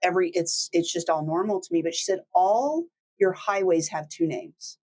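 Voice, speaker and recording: A middle-aged woman who grew up in Texas, telling lively stories in a casual chat and mimicking other people with big jumps in pitch. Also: moderate pace, low-quality recording. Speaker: law firm owner, host.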